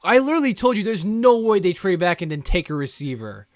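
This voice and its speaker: Excitable high-voiced man, dry close sound. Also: fast, dry recording. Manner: excitable, emphatic, repeats himself. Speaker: sports show co-host. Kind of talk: live draft reaction chat.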